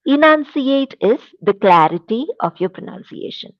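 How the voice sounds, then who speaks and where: Woman teacher, Indian English accent, slow emphatic lecturing, dry close sound, slightly dull recording. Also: medium pitch, sing-song, no echo. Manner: slow, deliberate, emphatic instruction. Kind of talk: classroom lecture.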